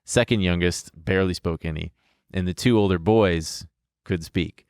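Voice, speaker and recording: A man's voice: low voice, moderate pace, darkish tone, no echo, clean studio sound. A young man co-hosting a podcast, telling a long personal story in a rambling, self-deprecating way and laughing between lines. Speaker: podcast co-host. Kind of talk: casual storytelling chat.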